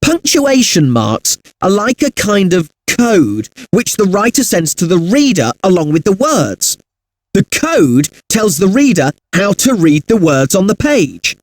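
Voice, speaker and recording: A man playing a friendly punctuation tutor, presenting educational software in an upbeat, chatty way, talking straight to the user. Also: high-pitched, sing-song, a little slow, dry recording.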